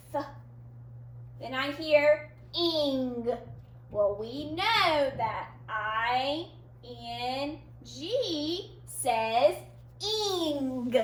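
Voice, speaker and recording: A woman teaching a children's phonics lesson, speaking patiently and slowly to young learners. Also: high voice, sharp tone, reverberant. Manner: slow, patient, sing-song teacher talk to young learners.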